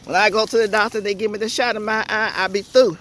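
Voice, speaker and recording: A home gardener vlogger from Georgia, USA, gives a casual, folksy outdoor garden tour in a Southern US accent, talking straight to her viewers. Her medium-pitched, fairly bright voice stays fairly even and moves fast, with a little hiss or hum in the recording.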